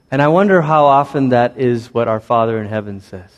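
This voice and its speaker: A man's voice: medium pitch, lively intonation, fast talker, few pauses, big-room sound. A man preaching a sermon in a conversational way, acting out little voices as he goes. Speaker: pastor.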